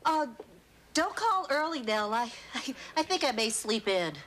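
Flustered fibbing professor, stammering, high animated voice, sitcom. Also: female voice, a little slow, heavy background noise. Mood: faking sick. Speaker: sitcom character. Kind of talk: sitcom acting.

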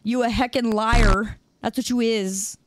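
Young woman streamer, bright higher register, playful mock-outrage at chat, close dry mic. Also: fairly even intonation, measured pace, dry recording. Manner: playful, teasing, mock-indignant banter with chat. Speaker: game streamer. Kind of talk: casual live-stream chat. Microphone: desk streaming mic with headphones.

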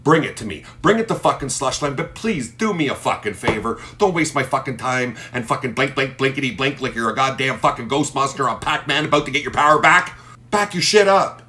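A man's voice: medium pitch, lively intonation, brisk, sharp tone, slight background noise. A man hosting a livestream roast, brash and mocking, cursing constantly. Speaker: livestream host. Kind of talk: profane roast livestream chat.

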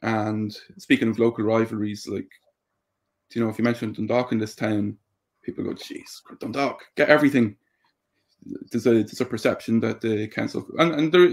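A young Irish man from Drogheda, speaking as a guest in a relaxed interview. His voice sits fairly low and stays flat in pitch. He explains things at length, pausing often with ums. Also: gravelly. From Ireland. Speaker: podcast guest. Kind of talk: casual interview chat.

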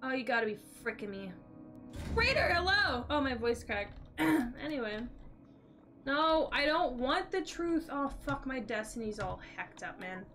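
A woman's voice: a little high, animated, normal speed, a bit bright, a little hiss or hum. A young woman streaming a game, chatting playfully and greeting her viewers. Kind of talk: casual live-stream chat while gaming.

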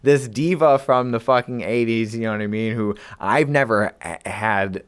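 A man's voice: medium pitch, normal speed, smooth. Rambling, profane man telling stories. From Lewiston, New York. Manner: rambling, profane, lots of fillers. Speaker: podcast co-host. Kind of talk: casual storytelling chat.

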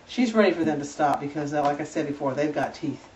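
A woman's voice: low voice, animated, quick pace, a little mellow, slight background noise. Chatty, doting woman, slightly distant. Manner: chatty and doting, many fillers and restarts. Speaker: dog breeder. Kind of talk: casual home video tour. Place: indoors at home with puppies. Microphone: camera held by a helper. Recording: slightly distant, dull camera audio.

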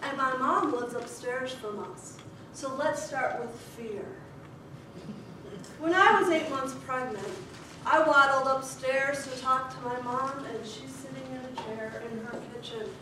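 A woman in her thirties from Chicago, giving a humorous speech to an audience with a wry, deliberate storytelling manner. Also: sits high, pushed and bright. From Chicago, USA. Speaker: contest speaker. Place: large echoey hall before an audience. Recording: echoey hall, distant mic, noisy.

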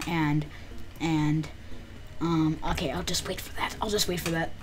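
A woman giving casual gameplay commentary, muttering to herself with excitable outbursts. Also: low voice, a little slow. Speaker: gamer.

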